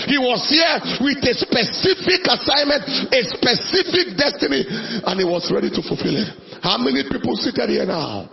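A man preaching a sermon with passion, shouting scripture and drawing out his phrases. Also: high-pitched, creaky, muffled recording.

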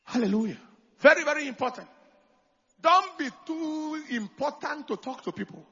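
A man preaching a sermon as pastor, swinging from quiet talk to loud calls for the congregation to answer. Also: extremely high pitch, lively intonation, moderate pace, gravelly, muffled recording.

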